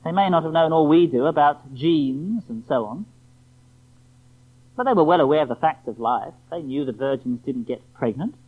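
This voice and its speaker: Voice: mid-range voice, expressive, moderate pace, breathy edge. A preacher giving an evening sermon, emphatic and rhetorical, often asking the listeners questions. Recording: tinny phone-like lo-fi sound.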